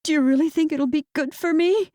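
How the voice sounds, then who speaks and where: A woman's voice: fairly even intonation, vocal fry, mellow, no echo, studio quality, exaggerated voice. A woman voicing a grieving widow in her fifties, sobbing and pleading in a raised, tearful voice. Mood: urgent. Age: 50s. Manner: tearful, pleading, higher and slower than the narration.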